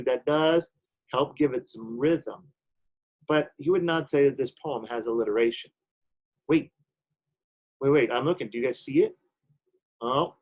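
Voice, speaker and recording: A man's voice: mid-range voice, a little mellow, poor audio. A man teaching a recorded poetry lesson, explaining step by step and checking in often with "okay?".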